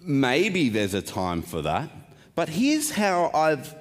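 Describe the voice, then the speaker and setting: A man's voice: on the high side, huge pitch swings, takes it slowly. A man preaching a sermon in a conversational way, putting questions to the congregation and adding wry asides. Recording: long hall reverb.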